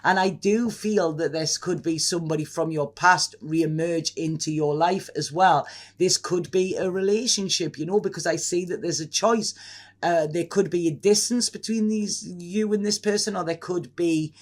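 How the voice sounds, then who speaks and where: A man's voice: high voice, normal speed. A man giving a casual tarot reading to camera, effusive and rambling, often restarting and laughing. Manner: excitable. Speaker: tarot reader.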